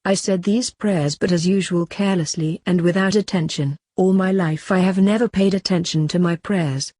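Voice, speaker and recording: A woman narrating a saint's autobiography as an audiobook, in a calm, earnest and measured reading. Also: lowish voice, no room sound, studio quality.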